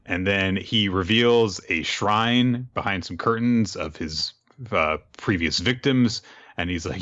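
A man recapping a manga chapter in casual chat, animated and laughing, often jumping into high voices for the characters. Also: slow pace, highs cut off. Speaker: podcast co-host.

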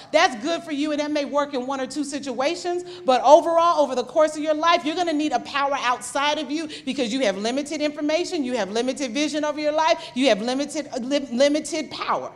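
High-voiced woman pastor preaching animatedly. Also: fairly quick, hardly any pauses. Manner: animated preaching with acted-out quotes and frequent restarts. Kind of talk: sermon.

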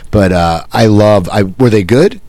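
A man in his fifties from New Jersey, hosting a casual chat and talking quickly with frequent restarts. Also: lowish voice, no room sound. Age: 50s. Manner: quick, animated, stumbling restarts. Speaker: host.

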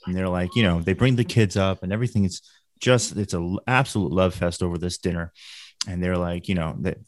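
A man's voice: deep voice, brisk. A man who is a podcast guest, telling a long story in a rambling, filler-heavy way. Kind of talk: casual storytelling.

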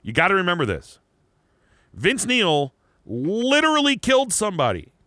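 A man co-hosting a casual comedy podcast, rambling and animated, with lots of "like" and laughter. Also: sits high, normal speed, no echo, studio quality. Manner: rambling, animated, frequent "like" and laughter, playful mock voices. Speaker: podcast co-host.

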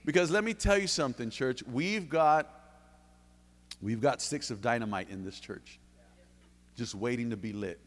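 A man preaching a sermon in a church, fervent, dropping to low intimate tones and then rising to loud bursts. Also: moderate pace, pauses often, long reverb tail. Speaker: lay preacher giving testimony. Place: church sanctuary.

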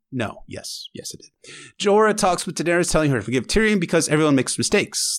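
A man hosting a podcast who recaps an episode in casual chat, full of emotional and wry, sarcastic asides. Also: mid-range voice. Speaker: podcast host.

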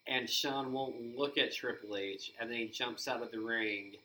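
A man co-hosting a podcast, excitedly recapping events and acting out quoted lines in casual chat. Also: mid-range voice, measured pace, a little hiss or hum, rough recording. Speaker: podcast co-host.

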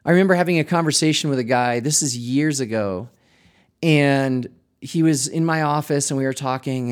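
A man, a pastor, hosting a podcast with a reflective, conversational monologue, laughing lightly and restarting his words. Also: medium pitch.

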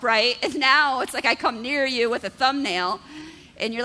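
A woman's voice: a little high, moderate pace, long reverb tail, heavy background noise. A woman pastor preaching a conversational sermon, often checking in with "right?" and using vivid everyday examples. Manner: conversational, keeps asking "right?".

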